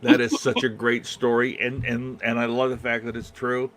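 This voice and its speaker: A man's voice: mid-range voice, flat delivery, normal speed, crowd noise. A man hosting a casual video call chat, stammering and enthusiastic as he listens. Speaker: host.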